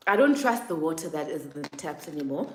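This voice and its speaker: A South African woman vlogging a casual opinion monologue, animated and mimicking others in exaggerated quotes. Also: low-pitched, fairly quick, slight background noise. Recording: echoey room.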